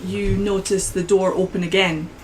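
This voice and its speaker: A woman narrating a tabletop game as game master, painting scenes at an unhurried pace with frequent restarts. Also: medium pitch, flat delivery, darkish tone, faint music behind, low-quality recording.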